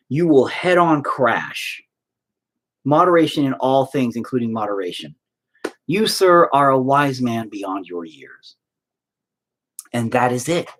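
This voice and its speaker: A man ranting in casual podcast talk, profane and rambling. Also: medium pitch.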